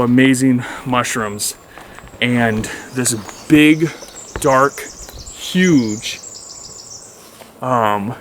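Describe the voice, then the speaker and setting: A man vlogging as he walks through the forest, telling a rambling story and now and then talking to his dog in a higher voice. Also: fairly bright tone, slight background noise. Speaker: outdoor vlogger. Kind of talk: casual walking narration. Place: forest outdoors. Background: faint outdoor nature sounds, birds.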